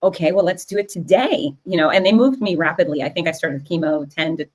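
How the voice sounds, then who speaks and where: Low-voiced woman hosting an interview. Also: a little fast, a little mellow. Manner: candid and emphatic. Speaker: host.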